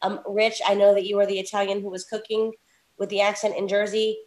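A woman's voice: medium pitch, level tone, brisk, darkish tone. Chatty woman teaching in an echoey room. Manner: chatty, laughing, apologetic asides. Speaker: trading coach. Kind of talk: live online trading class. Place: home, at night. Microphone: video call. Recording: roomy echo.

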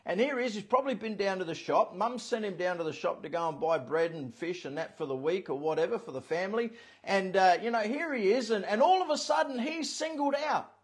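A man's voice: high voice, animated, brisk, breathy edge. A man, preaching as a pastor with emphasis and repeating his key phrases. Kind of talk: sermon.

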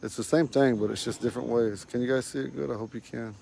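A man teaching a casual online language lesson, recorded on a phone at home, saying each word slowly and repeating it for learners. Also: mid-range voice, fairly even intonation, vocal fry, darkish tone, husky. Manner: slow, repeats words for learners.

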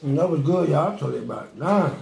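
A man co-hosts a home mukbang with a gravelly, creaky voice. He jokes constantly, laughs and mimics other people's voices. The boomy room carries a faint hiss behind him. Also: expressive, a little fast, a little mellow. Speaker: co-host. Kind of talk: casual mukbang chat. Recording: echoey room with light noise.

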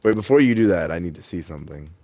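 A man's voice: sits low, lively intonation, rapid-fire, darkish tone, dry recording, muffled recording. A man in gaming voice chat, talking urgently and in exasperation, with some swearing. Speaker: gamer friend.

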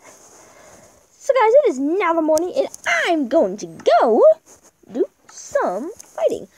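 A woman with a very high, wildly swooping, somewhat dark voice narrates gameplay slowly and casually. She chats to herself as she plays, making gameplay videos.

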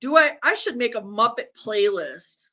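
High, bright-voiced woman chatting and laughing. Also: sing-song, moderate pace. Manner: rambling, laughs often, swears freely. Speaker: live-stream host. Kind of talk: casual chat while watching a game. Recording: dull lo-fi sound.

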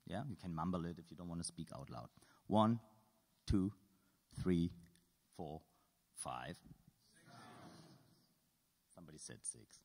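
A man's voice: low-pitched, expressive, measured pace, creaky, long pauses, darkish tone, in a large hall. A man giving a lecture at an art school, playfully polling the audience with show-of-hands questions and dry humor.

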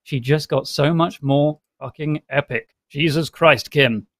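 A man hosting a casual livestream chat, reading donation messages aloud with quick laughs. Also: on the high side, fairly bright tone, no echo.

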